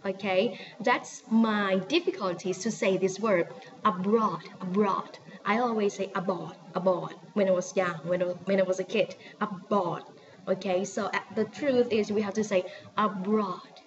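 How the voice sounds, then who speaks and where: A woman's voice: mid-range voice, steady tone, a little mellow, dull audio, slight background noise. A woman from Thailand with a Thai accent, teaching a spoken English lesson and often checking in with her listeners. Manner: coaching, often checking in with "okay?" and repeating phrases slowly.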